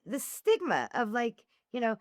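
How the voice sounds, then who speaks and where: Animated woman guest telling stories. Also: fairly high pitch, a little slow, dry recording, clean studio sound. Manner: animated storyteller who acts out dialogue. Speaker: podcast guest, former swingers event host. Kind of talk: casual podcast conversation.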